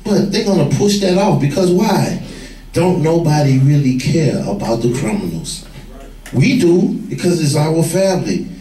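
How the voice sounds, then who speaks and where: A man's voice: on the high side, animated, moderate pace, dark tone. Storytelling man in an echoey room. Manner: vivid storyteller, acts out quoted voices. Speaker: former gang leader speaking to youth. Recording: echoey room, far from the mic.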